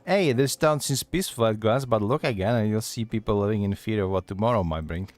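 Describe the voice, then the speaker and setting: A man voicing a gruff, worldly male tavern keeper, reading the lines haltingly and stumbling over the dialect. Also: on the low side, darkish tone, no room sound, natural voice.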